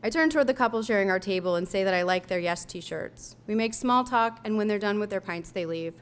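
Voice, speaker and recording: A young woman reading her own personal essay aloud, telling it in a measured, reflective way. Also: mid-range voice, animated, clear, resonant tone. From United States.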